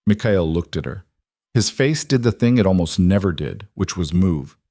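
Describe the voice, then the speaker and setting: A man narrating a crime story in an even, unhurried audiobook style. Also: deep voice, no echo, clean studio sound.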